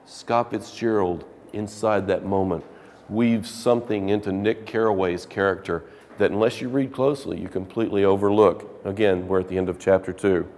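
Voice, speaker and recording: A man with a low voice lectures to a literature class in a classroom. He talks casually, then throws dramatic emphasis into the passages he reads aloud. His voice rings on in a long, reverberant echo. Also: fairly even intonation, normal speed, darkish tone, a little hiss or hum. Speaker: literature teacher.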